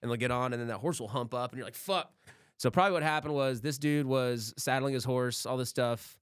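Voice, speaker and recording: Smooth-voiced laid-back young man. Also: mid-range voice, fast talker, no room sound, studio quality. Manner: laid-back, swears freely. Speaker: podcast co-host. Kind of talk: casual profane storytelling.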